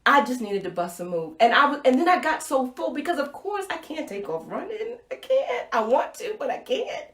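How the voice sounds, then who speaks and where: Animated woman host with roomy echo. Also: sits high, moderate pace, few pauses. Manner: animated storytelling, acts out her own reactions; drops to a soft, intimate voice for key points. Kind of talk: inspirational live-stream talk. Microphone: Facebook Live stream, webcam or phone mic.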